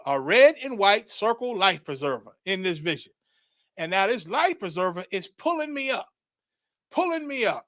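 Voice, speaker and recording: A middle-aged man tells his story with a hard, forceful edge and a fairly high voice. He preaches it like testimony, repeating phrases and climbing into excited shouts. The sound is close and dry. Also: dry recording. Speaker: religious teacher.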